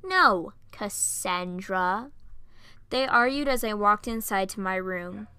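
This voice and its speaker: A woman reading a first-person fan story aloud, soft and plain, close on a home mic. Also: mid-range voice, moderate pace, clear, resonant tone, dry recording.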